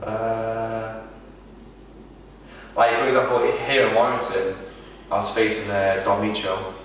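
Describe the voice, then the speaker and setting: Man, wrestler, halting casual answers, lowish voice, echoey room, off-mic. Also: fairly bright tone, far from the mic. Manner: halting, many restarts and fillers. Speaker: wrestler being interviewed.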